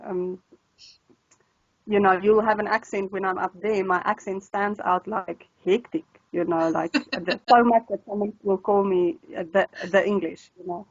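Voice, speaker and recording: A woman, an Afrikaans speaker talking in English as an interview guest, chatty and animated with many restarts. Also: mid-range voice, normal speed, dry recording. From South Africa. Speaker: language tutor, interview guest. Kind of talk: casual interview. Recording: slightly dull, dry recording.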